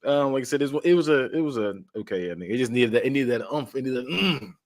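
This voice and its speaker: Halting, joking man in podcast chat. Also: medium pitch, expressive. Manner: halting, repeats himself, joking. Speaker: podcast co-host. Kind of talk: casual chat.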